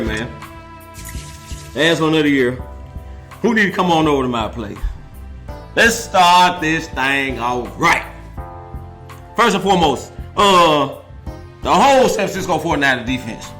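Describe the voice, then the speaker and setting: Brief: male sports host, slightly high voice, relaxed and joking, faint music behind. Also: slow, pauses often. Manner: laid-back, joking, chatty with y'all slang. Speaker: sports talk show host. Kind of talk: casual sports talk livestream.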